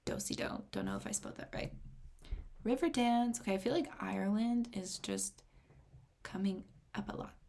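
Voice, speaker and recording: Gravelly-voiced excitable young woman. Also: mid-range voice, moderate pace. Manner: excitable, rambling, often drops to a whisper while reading notes. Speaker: music reaction vlogger. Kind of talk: casual reaction commentary.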